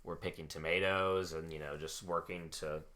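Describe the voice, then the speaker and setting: A low-voiced podcast co-host chats about films in a loose, animated way. He fills his talk with "like" and "you know" and laughs easily. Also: moderate pace. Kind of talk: casual film discussion.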